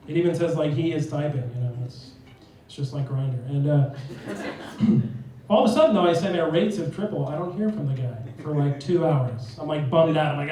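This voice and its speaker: A brash, profane young man works through a stand-up set on a comedy club stage, his voice sitting a bit high for a man. The sound comes from a distance through a very echoey room with faint noise behind it. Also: brisk, darkish tone. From New Jersey. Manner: brash, profane, acts out both sides of text chats in raised voices.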